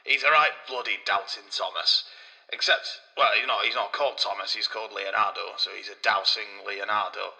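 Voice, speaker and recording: A man's voice: lowish voice, steady tone, a little fast, gravelly, bright, forceful tone, exaggerated voice, low-quality recording. A man voicing a crude, boastful Renaissance sculptor in a comedy podcast sketch.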